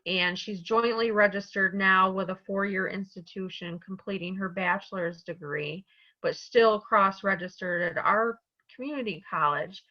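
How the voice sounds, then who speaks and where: A woman's voice: mid-range voice, normal speed, sharp tone, dull audio. A woman on the staff of a community college, speaking earnestly and from the heart in a webinar panel discussion over a video call.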